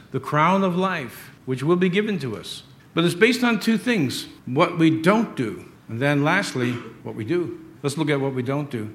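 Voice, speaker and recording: A middle-aged male pastor delivering a sermon, his fairly high-set voice rising for emphasis and dropping low for quiet asides. He preaches with lively, animated conviction.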